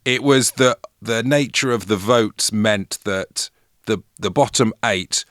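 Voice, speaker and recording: A man with a Lancashire accent co-hosting a comedy podcast, trading wry, deadpan quips. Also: on the low side, slow, dry recording, clean studio sound. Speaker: podcast co-host. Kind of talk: casual comedic chat.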